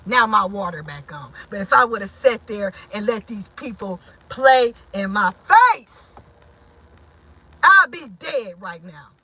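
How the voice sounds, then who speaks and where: A woman hosting her own channel, talking to viewers in an impassioned, preachy way that swings from shouting to low, muttered asides. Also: sing-song, unhurried, rough recording. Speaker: channel host. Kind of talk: impassioned livestream talk.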